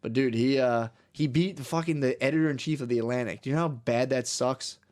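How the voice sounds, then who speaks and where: Male comedy podcast co-host, mid-pitch voice, rambling and profane, laughs easily. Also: fast talker, a little mellow. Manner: rambling, profane, laughs often, slips into mocking impressions. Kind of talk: casual comedic chat.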